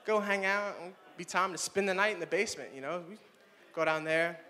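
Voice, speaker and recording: Playful and animated, a young man in his twenties does stand-up and speaks right to the audience in a high, fairly quick voice. The hall gives the recording a long reverb.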